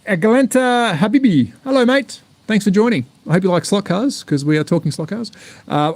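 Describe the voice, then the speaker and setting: A man's voice: on the high side, a little mellow. Sweary Australian man, casual and blunt. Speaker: slot car channel host. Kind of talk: casual live-stream unboxing chat.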